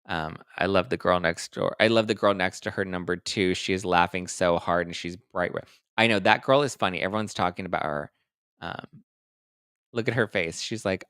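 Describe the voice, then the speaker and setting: Man, gossip show host, sassy and playful, lowish pitch, crisp bright tone, dry close sound. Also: normal speed, dry recording. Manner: sassy and playful, with dramatic mock-outraged asides. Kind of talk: casual gossip commentary reading viewer comments.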